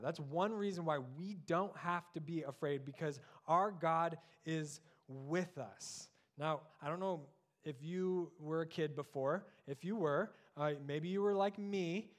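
A man in his thirties preaching a sermon as pastor, often dropping soft and low on key words.

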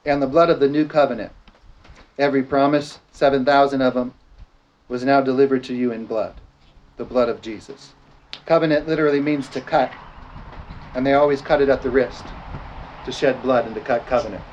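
A man's voice: medium pitch, fairly even intonation, fairly quick, pauses often, darkish tone, muffled recording. A man preaching a sermon and leading communion prayer, drawing out scripture words and calling for responses. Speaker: pastor.

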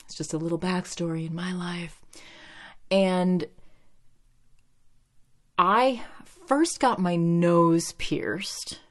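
A woman in her late thirties from the Midwest, chatting casually about a TV show in a rambling way, full of "like" and quick giggles. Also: on the low side. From American Midwest. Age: 30s. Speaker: TV show recapper. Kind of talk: casual chat.

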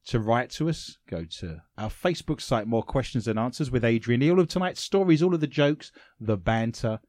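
An English man hosts a radio show from a studio, and he loves a pun and a laugh. His pitch swings lively up and down as he talks. The studio sound is dry and close. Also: moderate pace, no echo. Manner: playful, rhyming wordplay, laughs often. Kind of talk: casual radio chat. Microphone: studio microphone.

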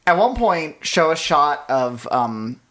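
A woman's voice: low voice, sing-song, slow pace, fairly bright tone. A woman co-hosting a podcast, recapping a horror movie in casual chat, laughing often and restarting sentences. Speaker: podcast co-host.

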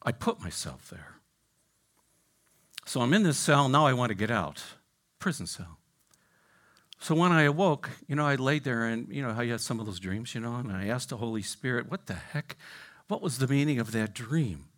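Male pastor, fiery sermon voice with a wide, lively pitch swing; goes from loud exclamations down to near-whispers. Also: normal speed, long pauses. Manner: repeats "right?" and "I mean" to engage listeners.

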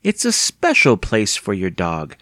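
A man voicing a cold, stern aunt of about eighty, speaking slowly in a hard voice. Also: on the low side, huge pitch swings, pushed and bright, dry recording, clean studio sound, exaggerated voice. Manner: slow, hard and cold delivery.

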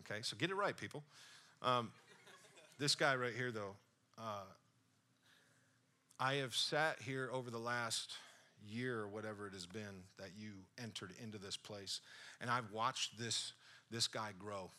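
Bright-voiced man preaching a sermon. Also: fairly low pitch, unhurried, long pauses. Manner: preaching with rising intensity, calling out to the congregation; joking, conversational asides. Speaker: pastor.

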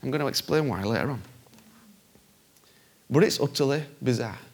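Animated male preacher with a lively voice. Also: moderate pace, gravelly, slightly rough. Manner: animated, conversational, acts out voices with big pitch jumps. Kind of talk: sermon.

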